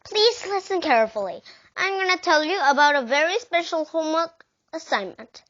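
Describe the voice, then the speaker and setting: Brief: woman voicing a patient but firm teacher in a storybook, high voice. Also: expressive, normal speed, fairly bright tone. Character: patient female schoolteacher, firm but kind. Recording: dull lo-fi recording.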